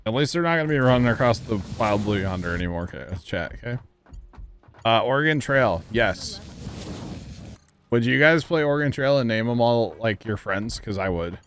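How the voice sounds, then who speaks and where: A man's voice: mid-range voice, animated, normal speed, a bit bright. A man livestreaming a game, chatting casually with his viewers in a rambling way, thanking them and laughing easily. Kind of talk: casual gaming livestream chat.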